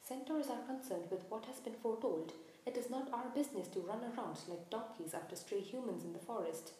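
A woman's voice: fairly high pitch, fairly quick, warm tone, natural voice. Woman playing angry proud centaur, storybook, scornful rebukes, echoey room. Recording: very echoey room, faint hiss.

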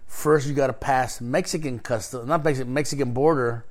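A man's voice: medium pitch, brisk. A man casually telling a long story in a chat, swearing freely and acting out both sides of quoted exchanges. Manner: profane, animated, acts out quoted exchanges.

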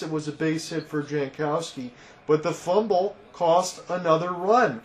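A man with a notably high voice calls baseball play by play on a fan-run broadcast. He breaks each pitch down evenly, then rises into loud, thrilled calls when the ball is hit deep. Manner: calm analysis that rises to loud excited calls on big hits. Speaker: play-by-play commentator.

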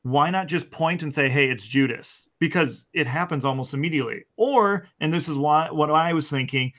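A man's voice: a little high, a little fast, fairly bright tone. A man co-hosting a casual theology chat, telling a rambling story with jokes and restarts. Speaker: podcast co-host.

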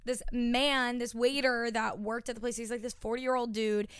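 A woman's voice: fairly high pitch, little pitch movement, normal speed, clear, resonant tone, no room sound, studio quality. A woman in her twenties co-hosting a podcast, telling stories in casual chat with lots of fillers. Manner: chatty storyteller, filler-heavy. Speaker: podcast co-host.

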